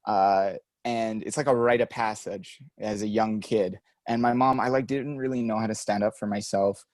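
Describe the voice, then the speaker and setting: A man's voice: on the low side, fairly even intonation, normal speed, a little mellow, no echo. Young man telling rambling stories. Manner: rambling storyteller, laughs often. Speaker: podcast co-host. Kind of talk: casual chat.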